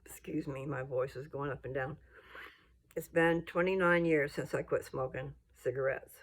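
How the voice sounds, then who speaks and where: An older woman ranting bluntly to her viewers, scolding and rambling, with her voice jumping up into high indignant peaks. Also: normal speed. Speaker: vlogger. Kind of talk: casual rant to camera.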